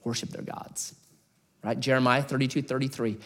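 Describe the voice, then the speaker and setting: A man's voice: medium pitch, normal speed. A middle-aged man preaching a sermon, telling stories with rhetorical questions. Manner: animated storytelling, rhetorical questions. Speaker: pastor.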